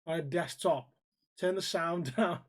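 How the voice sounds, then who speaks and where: A man's voice: on the high side, measured pace. A man co-hosting a casual podcast, joking crudely and swearing freely. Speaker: podcast co-host.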